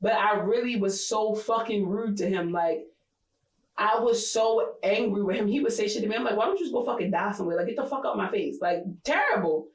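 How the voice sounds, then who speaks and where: Woman co-host, middle pitch, frank and profane storyteller, recorded in a roomy space. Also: a little fast. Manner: candid, profane storytelling, animated laughs. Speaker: podcast co-host. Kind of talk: casual chat.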